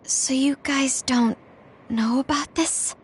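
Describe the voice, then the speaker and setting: A gentle, breathy young woman. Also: high-pitched, fairly even intonation, takes it slowly, heavily acted. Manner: hesitant, apologetic. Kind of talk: game cutscene voice acting.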